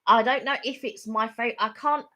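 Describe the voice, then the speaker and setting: A woman's voice: on the high side, fairly quick, pushed and bright. A woman co-hosting a casual live stream chat, telling a long rambling story with lots of repetition.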